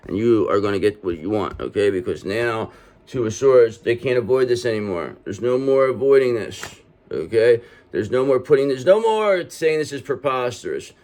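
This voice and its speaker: Casting note: male tarot reader, mid-pitched voice, reassuring and chatty, talks straight to camera. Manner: reassuring, talks straight to the viewer, many "okay?" tags. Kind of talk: tarot reading monologue.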